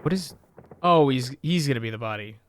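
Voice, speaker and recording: A man's voice: mid-range voice, animated, brisk, a little hiss or hum. A man hosting a casual reaction video, sarcastic and profane, joking about an old movie as he watches it. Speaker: host reacting to an old film.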